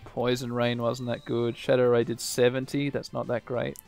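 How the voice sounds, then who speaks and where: A man co-hosting a let's play, chatting casually with animated, excited outbursts. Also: mid-range voice, normal speed, gravelly, soft background music. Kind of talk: casual gaming chat.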